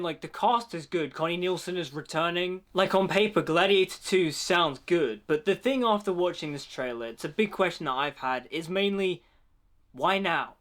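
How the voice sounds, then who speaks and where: A man with a slightly higher-than-usual voice talks through a film trailer in a loose, chatty way. His sentences lean heavily on "like" as he works out his thoughts, and his tone stays informal and conversational throughout. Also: a bit bright. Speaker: film reaction vlogger. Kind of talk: casual trailer reaction commentary.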